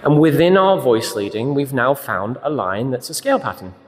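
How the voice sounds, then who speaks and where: A man teaching a group music lesson, now and then singing notes and syllables in a high voice. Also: expressive, normal speed, reverberant, in a large hall, a little hiss or hum. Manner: sings note names and syllables in a high voice.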